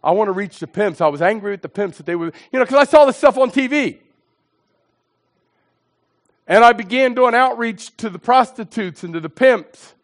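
A middle-aged man from southeastern Pennsylvania, an evangelist telling a testimony in a sermon, animated and dramatic, swinging from hushed asides to shouting. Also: very high voice, moderate pace, long pauses. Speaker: evangelist preacher.

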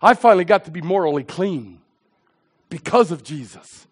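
A man's voice: high-pitched, animated, normal speed. A middle-aged man preaching his personal testimony, emphatic and repetitive as he tells his story.

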